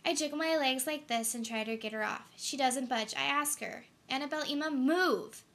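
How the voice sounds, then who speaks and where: A reclusive mother who will fight for her daughter, played by a young woman in a stage monologue. She swings from flat, dutiful routine to frantic outbursts. Her voice sits fairly high and sounds very bright. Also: normal speed. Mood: weary. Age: young adult. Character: reclusive mother in a trailer home, fiercely protective. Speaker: student actor. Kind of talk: theatrical monologue.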